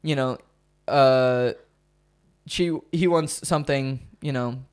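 A man hosting a casual film-discussion podcast, animated and laughing often, sometimes stumbling over his words. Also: medium pitch, slow pace, clear, resonant tone. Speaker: podcast host.

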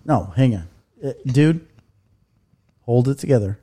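A man co-hosting a casual podcast chat, jokey and animated, breaking into silly voices. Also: medium pitch, measured pace. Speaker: podcast co-host.

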